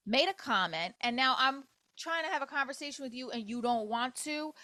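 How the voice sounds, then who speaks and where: A middle-aged woman comedian hosting her podcast, telling a dating story in a candid, profane, animated way and acting out other people's lines. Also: fairly high pitch, normal speed, hardly any pauses, no echo. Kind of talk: casual storytelling monologue. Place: New York.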